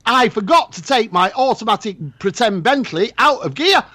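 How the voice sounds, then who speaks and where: Lively, husky-voiced male co-host. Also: very high-pitched, moderate pace, dry recording. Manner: animated storyteller, jokey. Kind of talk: casual banter.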